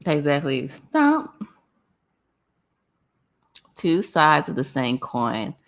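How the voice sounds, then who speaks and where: A woman hosting a casual livestream chat, reading viewer comments aloud. She talks in an animated way, laughs often and repeats herself for effect. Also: sits low, unhurried.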